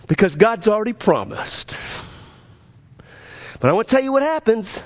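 Animated preacher man. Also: normal speed, pauses often. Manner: animated preaching, swinging from loud highs to low quiet stresses, repeats words. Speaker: pastor. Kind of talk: sermon.

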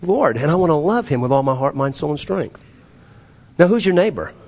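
A man's voice: fairly high pitch, lively intonation, brisk, in a large hall. Preaching man, conversational and earnest. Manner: conversational preaching, repeats and restarts phrases, drops to quiet emphasis. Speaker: pastor. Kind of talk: sermon.

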